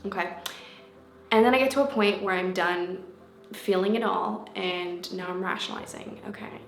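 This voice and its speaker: Gravelly-voiced woman telling a story. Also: fairly low pitch, normal speed. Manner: animated, acts out quotes in changing voices. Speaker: vlogger and life coach. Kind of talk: casual storytelling to camera. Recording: echoey room with faint background music.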